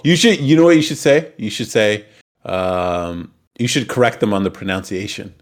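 A young man hosts a relaxed podcast conversation with a somewhat low voice. He jokes constantly, laughs easily and swears without thinking about it. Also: moderate pace. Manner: joking, laughs often, swears casually. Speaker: podcast host. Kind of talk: casual chat.

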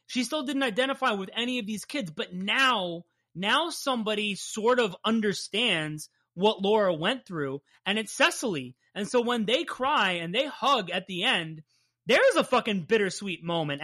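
A woman in her thirties hosts a comic book podcast, recapping a comic in casual, enthusiastic chat with plenty of swearing. Her voice is fairly high, pushed and bright.

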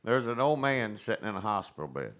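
A man's voice: fairly low pitch, very animated, a little fast, a bit bright. A middle-aged man on a podcast, telling a joke in a folksy, casual way and doing the characters' lines. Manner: folksy, tells jokes with voices for the characters. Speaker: podcast co-host.

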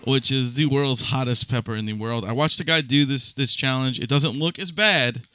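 Halting, bright-voiced podcast co-host man. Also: mid-range voice, no echo. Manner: halting, stops and restarts while explaining. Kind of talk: casual podcast banter.

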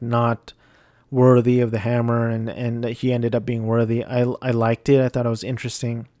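Slow, mellow-voiced man reviewing movies. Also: medium pitch, no echo, studio quality. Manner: rambling, hesitant, self-deprecating. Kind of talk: casual spoken movie review.

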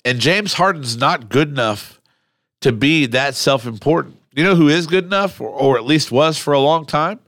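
A male podcast host in casual, animated chat, blunt and quick to swear. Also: a little high, no room sound, clean studio sound.

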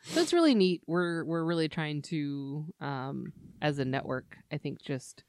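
A woman's voice: sits low, lively intonation, unhurried, darkish tone, no echo, studio quality. A woman co-hosting a podcast in casual chat, giggling often and trailing into fillers. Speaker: podcast co-host.

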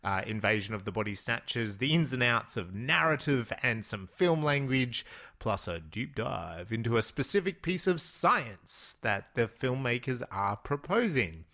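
An Australian man from Western Australia co-hosting a casual film podcast, chatty and quick to laugh as he leads the talk. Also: mid-range voice, expressive, pushed and bright. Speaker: podcast co-host.

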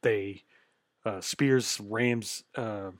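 A man's voice: on the low side, steady tone, extremely slow, no room sound, clean studio sound. A man co-hosting a casual chat, chiming in with short agreements and added details. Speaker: podcast co-host.

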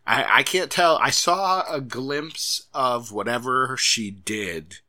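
A man's voice: medium pitch, slow, bright, forceful tone. A man co-hosting a wrestling podcast in a rambling, self-deprecating way. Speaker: podcast co-host. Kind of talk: casual chat.

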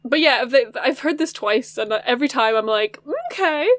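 A woman's voice: high voice, moderate pace, fairly bright tone. A woman co-hosting a podcast, chatting casually and making goofy asides with a giggle. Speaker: podcast co-host. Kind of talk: casual chat.

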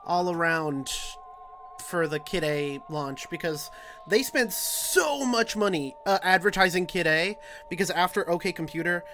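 A man's voice: sits high, animated, unhurried, pushed and bright, faint music behind. A man co-hosting a streamed game playthrough, chatting casually, reacting and laughing often. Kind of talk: casual chat.

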